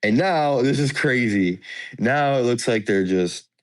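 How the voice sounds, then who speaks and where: A man's voice: mid-range voice, lively intonation, a little slow. A man co-hosting a podcast, casually recapping a manga chapter page by page. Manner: easygoing, page-by-page recap with fillers. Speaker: podcast co-host. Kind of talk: casual chat walking through a manga chapter.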